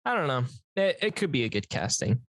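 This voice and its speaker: A man co-hosting a casual podcast chat in an ordinary mid-range voice. He speaks hesitantly, restarting and filling pauses with small words. The recording is dry and close-miked. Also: medium pitch, big pitch swings, fairly bright tone, no room sound. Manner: hesitant, halting, full of filler words. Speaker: podcast co-host.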